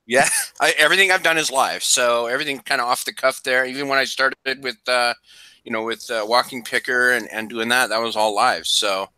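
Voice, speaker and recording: Casting: man, YouTube reseller, bright voice, hesitant filler-heavy delivery, dry close sound. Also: mid-range voice, fairly even intonation, smooth, no room sound. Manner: halting, many fillers and restarts. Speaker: YouTube reseller, live streamer. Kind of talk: casual panel chat.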